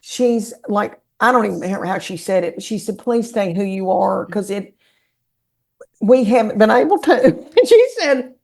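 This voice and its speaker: This guest comedian talks at normal speed with a medium pitch and noticeable vocal fry. In her Southern American accent, she animatedly shares folksy yarns during a casual podcast conversation.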